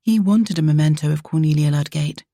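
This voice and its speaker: A woman reading a romance novel aloud, soft and measured. Her voice is low, mellow and husky, and the recording is close and dry. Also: no room sound. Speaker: audiobook narrator. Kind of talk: scripted romance narration.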